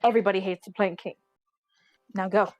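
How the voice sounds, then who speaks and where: A woman's voice: medium pitch, fairly even intonation, fairly quick, a little mellow, pitched below the performer's own voice, lightly acted. Three Earrings, a fed-up captain, as a woman puts her on. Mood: exasperated. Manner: curt and exasperated, ordering people out. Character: weary, irritated female ship captain.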